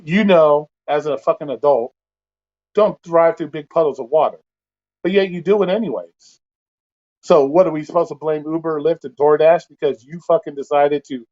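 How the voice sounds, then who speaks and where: A livestream host with a slightly high, slightly mellow voice rants bluntly and casually, swearing heavily and sounding exasperated. The recording is muffled.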